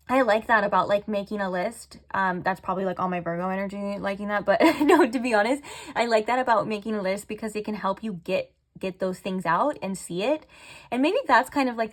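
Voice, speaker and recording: Chatty woman reading tarot. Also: mid-range voice. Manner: chatty, says "like" often; soft, slow when reading cards. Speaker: tarot reader.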